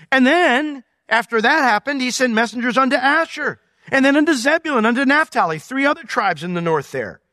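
Animated high-voiced male Bible teacher. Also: no echo, clean studio sound. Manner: animated, swings between loud emphasis and quiet asides. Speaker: pastor.

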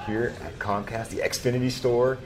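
A man's voice: medium pitch, little pitch movement, moderate pace. A male co-host talking in an enthusiastic, laugh-filled way on a radio show, recorded in a busy store. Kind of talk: upbeat radio show chat. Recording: crowd chatter behind.

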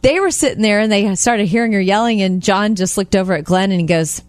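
A woman co-hosting a radio talk show, telling anecdotes in casual chat and acting out quotes in high voices. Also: fairly quick, no room sound, studio quality. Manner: animated storyteller, acts out quotes in high voices. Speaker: co-host.

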